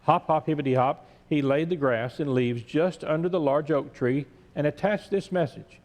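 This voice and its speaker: A male pastor reading a story aloud in a church sermon, gentle and measured. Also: on the high side. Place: large church sanctuary. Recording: echoey church sanctuary.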